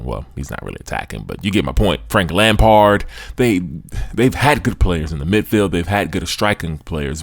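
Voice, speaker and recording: A man's voice: deep voice, no echo, clean studio sound. A man hosting a sports podcast, giving chatty, opinionated commentary with frequent asides to his listeners. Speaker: podcast host.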